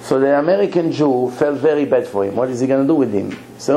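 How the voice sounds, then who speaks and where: A man, a rabbi, telling a story in a sermon, animated and swinging between low asides and sudden high exclamations. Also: fast talker, a little hiss or hum, rough recording.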